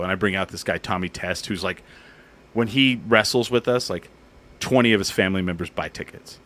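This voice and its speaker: Low-voiced man telling a lively story. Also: brisk. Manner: animated storyteller, acts out quotes. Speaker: podcast host and comedian. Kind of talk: casual storytelling chat.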